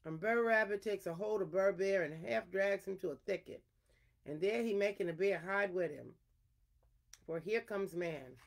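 A woman reading an animal folk tale aloud in an unhurried storytelling manner, her throat a little irritated. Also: medium pitch, creaky.

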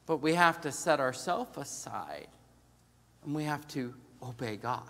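A middle-aged male pastor preaching a storytelling sermon, dropping to a hush and then rising to loud emphasis. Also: mid-range voice, animated, unhurried, vocal fry. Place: large church sanctuary. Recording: long reverb of a large church hall.

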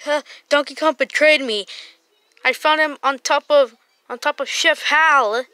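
A woman's voice: high-pitched, bright, forceful tone, dry recording. A woman voicing a heartbroken robot fox who wails and whines. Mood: hurt. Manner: wailing, whiny, drawn-out complaints.

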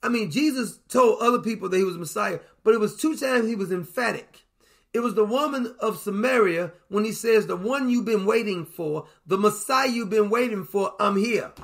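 A man preaching a sermon, retelling scripture in lively everyday speech and acting out the people in it. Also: high voice, moderate pace, vocal fry. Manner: folksy, dramatizing scripture in vernacular voices.

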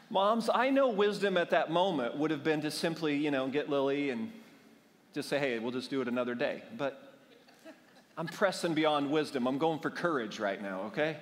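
A man's voice: high voice, fairly bright tone. A male pastor preaching a sermon, telling a humorous personal story and building to fervent exhortation. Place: church sanctuary. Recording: long church hall reverb.

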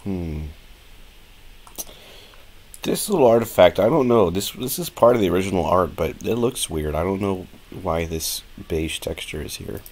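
Low-voiced man streaming a tutorial. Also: normal speed. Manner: relaxed, rambling, thinking aloud with fillers. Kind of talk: casual live-stream tutorial.

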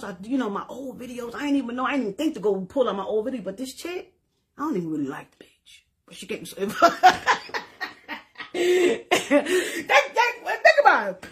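Loud, profane, high-voiced woman vlogger. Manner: loud, animated, profane, laughing often. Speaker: social media creator. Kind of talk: casual live-stream chat.

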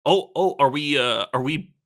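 A man co-commentating a card game, relaxed and quick to laugh, often asking questions. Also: fairly high pitch.

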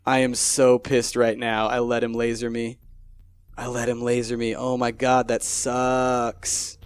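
A man talks his way through a video game run, mid-pitched and chatty. He drops to a hush when he concentrates and swears out loud when it goes wrong, with soft game music underneath. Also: fairly even intonation, normal speed. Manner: chatty, swearing, swings from hushed focus to loud frustration. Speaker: gameplay commentator. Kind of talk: live gameplay commentary.

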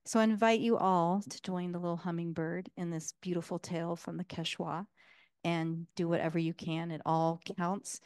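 A woman with a smooth, lowish voice. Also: fairly even intonation, a little fast, darkish tone, no room sound, clean studio sound. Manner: casual, enthusiastic, many fillers. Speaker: guest speaker. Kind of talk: public talk.

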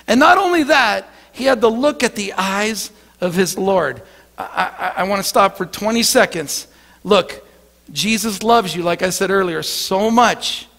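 A man's voice: high voice, measured pace, fairly bright tone, big-room sound. A male pastor giving an earnest sermon, often repeating words as he starts his sentences.

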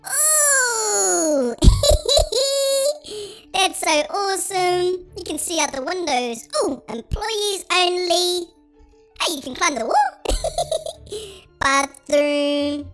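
A gaming channel host giving bubbly, giggly, excited commentary in a high, pitch-shifted chipmunk-style voice. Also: very slow, long pauses, faint music behind.

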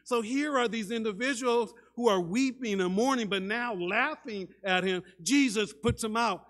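A man preaching a sermon as a pastor, dramatic, shifting between loud and hushed delivery and often repeating words as he starts a sentence. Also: high voice, normal speed, few pauses. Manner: dramatic, acts out quoted voices, swings between loud and hushed.

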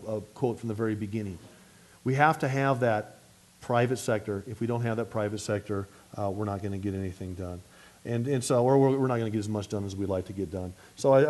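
Man, middle-aged, mayor, luncheon speech, energetic, fast, restarts, medium pitch.

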